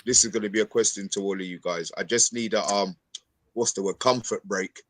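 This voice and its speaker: A man's voice: lowish voice, fairly even intonation, fairly quick, fairly bright tone, no room sound. A man co-hosting a casual chat, often stumbling and repeating words. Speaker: co-host.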